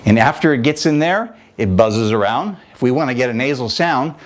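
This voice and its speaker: Animated male vocal coach. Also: mid-range voice, brisk. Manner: animated, demonstrative, conversational teaching. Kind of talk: instructional talk with vocal demonstrations.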